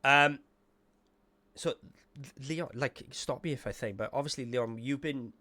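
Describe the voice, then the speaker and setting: A man's voice: mid-range voice, measured pace, bright, forceful tone. Chatty, meandering man hosting. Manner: chatty, meandering, self-correcting. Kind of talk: casual panel chat.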